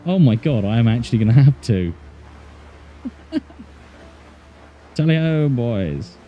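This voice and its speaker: A man's voice: medium pitch, sing-song, moderate pace, dark tone, muffled recording. An English man streaming a game, chatting casually and joking to himself as he plays. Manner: chatty, joking, talks to himself while playing. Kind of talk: casual gameplay chat.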